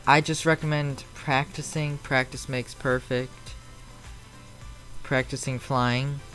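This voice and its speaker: A man's voice: medium pitch, little pitch movement, slow, fairly bright tone, soft background music. A man streaming a flight simulator from home, chatting loosely and answering viewers' messages aloud as they come in. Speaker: flight sim live streamer. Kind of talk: casual live-stream chat.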